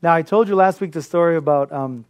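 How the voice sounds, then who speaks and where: Pastor, male, slightly high voice, animated sermon delivery with lots of laughter. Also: fast. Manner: animated storytelling with frequent laughter.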